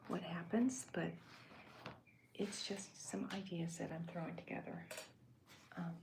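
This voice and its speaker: A woman cartoonist in soft-spoken ASMR commentary, talking hesitantly with many restarts as she describes her comic panels. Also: on the low side, fairly even intonation, a little slow, rough recording.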